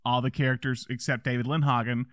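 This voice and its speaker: A man's voice: medium pitch, level tone, fast talker, a bit bright, no room sound, studio quality. A man casually chatting about a movie as a podcast co-host, rambling with many restarts and laughs.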